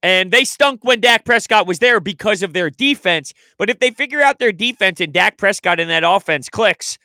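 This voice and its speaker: A man co-hosting a sports radio show, asking probing questions and reacting quickly to his partner. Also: sits high, animated, bright, forceful tone, no room sound, clean studio sound. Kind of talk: casual sports talk.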